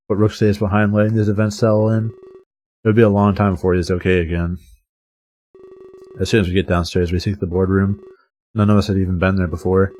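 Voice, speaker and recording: Guy streaming and reading a visual novel out loud, kinda dramatic, low voice, swears between lines. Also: a little hiss or hum.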